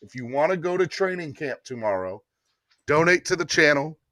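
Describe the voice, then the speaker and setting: Sports show host guy, keeps pushing donations, bright voice, dry mic. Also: animated, moderate pace, dry recording. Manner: laughs often, pitches donations repeatedly. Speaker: podcast host. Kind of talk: casual sports talk show. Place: Baltimore area.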